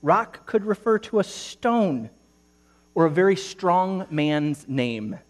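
A man preaching a sermon to a congregation, reading scripture aloud and asking animated rhetorical questions. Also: sits high, slow pace. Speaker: pastor.

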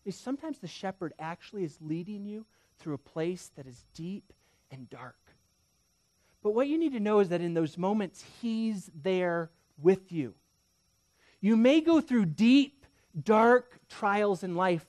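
This pastor, a man in his thirties, delivers his sermon in a high, animated voice that moves a little slowly, captured in a dry recording. Addressing the congregation directly through storytelling, he shifts between loud emphasis and an almost whispered hush.

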